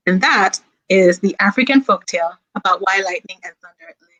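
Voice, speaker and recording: A woman's voice: medium pitch, fairly quick, a bit bright, dull audio. A woman who writes children's books, telling a folktale aloud in a playful way and drawing the listener in with call-and-response. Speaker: children's book author and guest.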